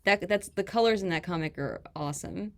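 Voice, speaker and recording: Warm, laughing workshop host on a call. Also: female voice, on the low side, brisk. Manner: laughing often, encouraging. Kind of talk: casual online workshop chat. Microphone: video call.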